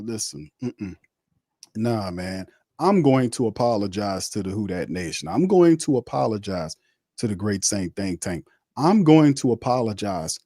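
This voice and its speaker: A man hosts a live sports watch party, ranting bluntly and circling back over the same points. His voice sits on the low side and sounds dry and close. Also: mellow, no echo. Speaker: sports podcast host.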